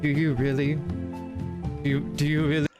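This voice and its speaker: A man's voice: on the high side, flat delivery, close to an everyday voice. A man voicing a self-righteous, nosy middle-aged woman neighbor in a comedy sketch over a game video, preachy and indignant. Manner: preachy, indignant, slow and drawn-out. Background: background music.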